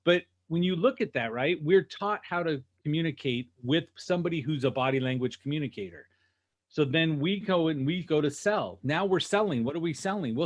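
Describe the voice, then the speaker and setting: Upbeat male sales trainer on video call. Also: on the high side. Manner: energetic, rhetorical, keeps asking "right?" and "okay?". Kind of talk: animated teaching on a video call.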